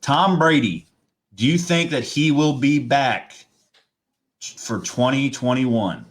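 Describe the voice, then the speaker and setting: A man's voice: medium pitch, takes it slowly. A man co-hosting a casual sports talk show, opinionated and rambling. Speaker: podcast co-host.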